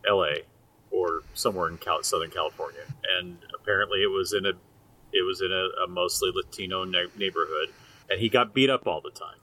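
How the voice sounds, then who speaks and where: A man's voice: deep voice, brisk, pushed and bright, poor audio. A man co-hosting a casual podcast, making wry, mocking asides with laughter. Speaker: podcast co-host.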